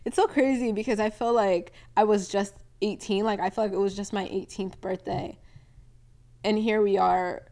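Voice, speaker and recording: A woman's voice: medium pitch, fairly even intonation, normal speed, warm tone. A twenty-one-year-old woman hosting a casual solo podcast, chatty and rambling, with lots of "like" and little laughs. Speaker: podcast host. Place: home, near a balcony.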